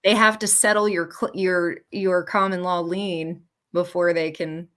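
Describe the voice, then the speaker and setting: A woman's voice: on the low side, flat delivery, measured pace, a bit bright. A woman appearing as a guest on a podcast, earnestly giving practical advice in casual chat.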